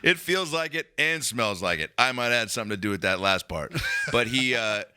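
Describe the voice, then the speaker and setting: Man, podcast host, very bright tone, mid pitch, casual profane banter. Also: expressive, clear, resonant tone. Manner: loose, profane banter with quick reactions.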